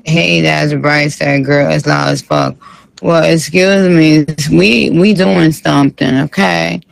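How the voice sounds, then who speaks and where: A man's voice: fairly high pitch, steady tone, takes it slowly, vocal fry, no echo, full character voice, rough recording. A man doing a comic impression of a sassy, tired female rap star who reads live chat comments on a late-night stream, with a drawling, profane manner.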